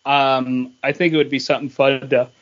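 A man's voice: medium pitch, flat delivery, normal speed, lo-fi sound. A man co-hosting a podcast, talking casually and animatedly, with a lot of fillers. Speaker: podcast co-host. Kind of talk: casual chat.

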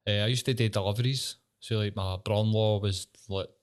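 A Scottish man chats on a podcast in a low voice. He swears freely and laughs easily as he tells stories. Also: steady tone, fairly quick. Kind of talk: casual chat.

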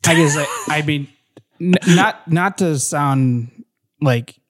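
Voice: mid-range voice, slow pace. A player in a tabletop game who talks hesitantly and often stammers and restarts sentences. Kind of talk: casual tabletop game chat.

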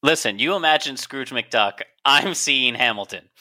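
A man's voice: medium pitch, lively intonation, unhurried, pushed and bright. A man co-hosting a casual podcast, a doctor who explains facts with playful jokes. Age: adult, a doctor. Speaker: podcast co-host.

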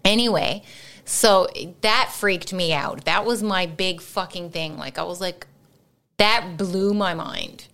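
A woman co-hosting a podcast, chatting casually in an animated way, laughing often and swearing freely. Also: on the low side, slow. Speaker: podcast co-host. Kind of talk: casual chat.

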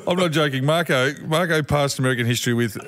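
A man's voice: on the high side, fast, a loud crowd. A man co-hosting a casual podcast chat, teasing and bantering with laughter. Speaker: podcast co-host.

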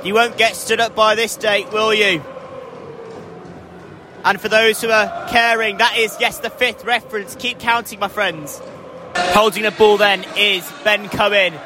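A young man giving live, excitable rugby commentary from a stadium stand, his voice climbing into shouts at big moments. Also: sits high, a little slow, noisy background. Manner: excitable, rising to shouts at scores. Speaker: match commentator.

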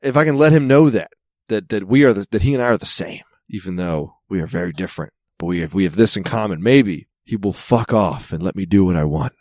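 A man's voice: low-pitched, animated, a little fast, darkish tone, dry recording. Rambling Mid-Atlantic American man, dry sound. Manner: rambling storyteller, wry and self-amused. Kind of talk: casual chat. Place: California.

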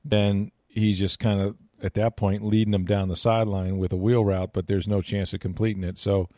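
A man chatting about football as a guest analyst, rambling and restarting his sentences with plenty of fillers. His voice sits on the low side, and the sound is close and dry with no room around it. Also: flat delivery, normal speed, mellow, no room sound. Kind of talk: casual radio chat.

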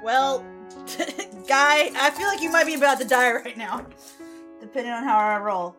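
Giggly high-voiced woman gamer. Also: measured pace, faint music behind. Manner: giggly and excitable. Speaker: tabletop game player. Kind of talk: actual-play podcast banter.

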